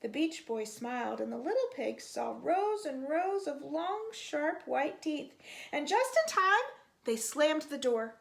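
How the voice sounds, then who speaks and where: A woman reading a children's picture book aloud, expressive and stretching out the sound words. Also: fairly high pitch, a little slow, creaky. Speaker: storytime reader.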